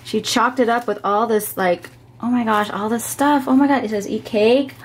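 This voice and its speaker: A woman's voice: on the high side, moderate pace, a little hiss or hum. Gushing woman unboxing crafts. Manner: gushing, gasping with excitement. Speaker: crafting channel host. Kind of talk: casual unboxing vlog.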